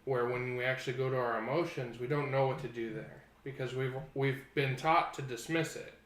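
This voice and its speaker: A man's voice: medium pitch, fairly even intonation, fairly quick, a bit bright. A man who is a guest family therapist, speaking in a reflective, explanatory way. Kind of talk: casual panel chat. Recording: roomy studio with faint background noise.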